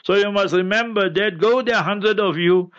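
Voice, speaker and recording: A high-voiced man holds forth as a mufti on a religious question-and-answer broadcast. He preaches in a joking way and comes back again and again to the same reminders. The sound is dull and lo-fi. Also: normal speed, fairly bright tone. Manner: preachy, joking, keeps repeating "you must remember".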